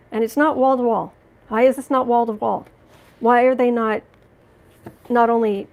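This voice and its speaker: A woman hosting a live tarot stream reads viewer comments aloud and reacts with heated indignation, talking back to them, with frequent restarts and apologies. Her voice is on the high side and a little mellow, and the audio is poor.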